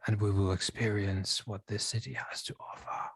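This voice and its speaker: A man voicing a restless bandit spirit in whispered role-play, striking a bargain in a ghostly, breathy whisper. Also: lowish voice, little pitch movement, normal speed, no room sound. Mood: eerie bargaining.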